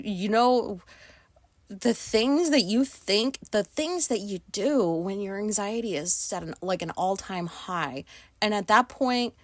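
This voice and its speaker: A woman's voice: medium pitch, no room sound. Brief: American woman vlogger, anxious rambling storyteller, dry close sound, swears a lot. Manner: rambling, swearing, many fillers; anxious retelling, voices others in quotes. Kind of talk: casual storytelling.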